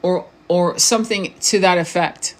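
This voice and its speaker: A woman's voice: on the low side, moderate pace. A woman spiritual coach and tarot reader talking in a casual live-stream monologue, blunt and informal, swearing freely, restarting words and often asking the viewer questions.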